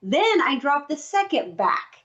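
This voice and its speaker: Female co-host with a higher voice, comic storyteller acting out her thoughts, dull lo-fi call audio. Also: sing-song, unhurried, fairly bright tone. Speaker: podcast co-host. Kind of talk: casual chat. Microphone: computer microphone on a video call.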